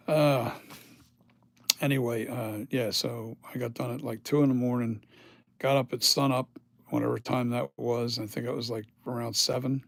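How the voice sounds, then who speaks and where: A weary middle-aged man talks in a loose, rambling way straight to his viewers. His voice is gravelly and a little husky, pitched at an ordinary level. He is filming on a phone in his home workshop. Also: no echo. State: tired. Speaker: mask maker. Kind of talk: casual vlog chat. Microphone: phone camera.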